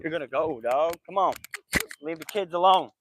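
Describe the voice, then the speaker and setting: A man's voice: fairly high pitch, moderate pace, noisy background. A man in his thirties, a football podcast host, chatting casually outdoors at home in loose slang and scolding his kids and dog now and then. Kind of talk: casual vlog chat. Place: outdoors at home by the backyard and porch.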